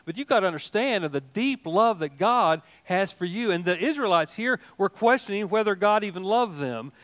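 An older man preaching a sermon in a folksy, animated way, mixing asides and jokes into his teaching. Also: high-pitched, moderate pace. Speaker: pastor.

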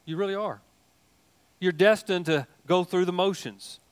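An older male pastor delivers a sermon in a folksy, animated manner. He mixes humorous asides into his teaching, and his voice sits a little higher than most men's. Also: normal speed, clear, resonant tone.

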